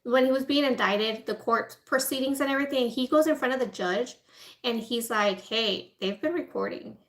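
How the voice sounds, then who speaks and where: A woman vlogger chats casually to her viewers while eating. Her voice sits a little high, and she talks informally, filling her story with "like" and "right?". She slips into quoted voices to act out the people she describes. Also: a little fast, fairly bright tone. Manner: chatty, informal, lots of "like" and "right?"; acts out people in quoted asides. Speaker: food vlogger.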